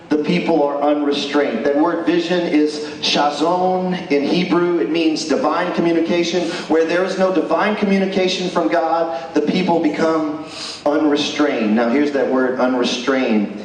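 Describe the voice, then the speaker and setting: A man delivers a chapel sermon, pressing his points with rhetorical questions. His voice sits a little high and carries from a distance. Long reverb from the hall rings around every phrase. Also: a little hiss or hum. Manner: emphatic preaching with rhetorical questions. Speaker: chapel speaker. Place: school chapel. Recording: echoey hall, distant mic.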